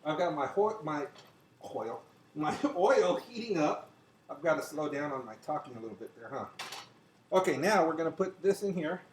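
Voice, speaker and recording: An older man hosts a casual cooking demonstration from his home kitchen, chatting to viewers as he works. His voice sits fairly high for a man. A faint background noise runs under the talk. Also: lively intonation, moderate pace, low-quality recording. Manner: chatty, talks to viewers as he cooks. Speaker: home cooking show host.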